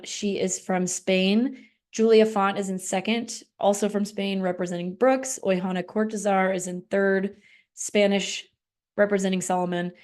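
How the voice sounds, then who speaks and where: Relaxed woman podcast co-host. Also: mid-range voice. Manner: relaxed, many fillers and likes. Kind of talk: casual podcast chat.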